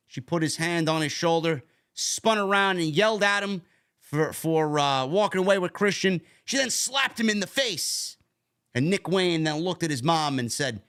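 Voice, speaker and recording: A man's voice: high-pitched, lively intonation, measured pace, fairly bright tone. A man casually recapping a wrestling show, rambling and repeating words as he talks. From New York.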